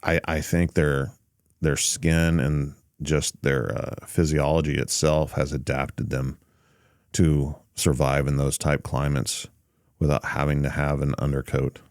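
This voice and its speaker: A very deep-voiced man hosts a casual podcast chat, easygoing and thinking aloud, often pausing on fillers and restarting sentences. His voice is close and dry, with no room sound. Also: flat delivery, darkish tone, no echo. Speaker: podcast host.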